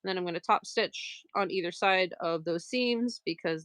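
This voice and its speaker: Woman, rambling livestream chat, sewing as she talks, low-pitched voice. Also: normal speed, fairly bright tone, poor audio. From Maine. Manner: chatty, rambling, laughs often. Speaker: craft seller on a live stream.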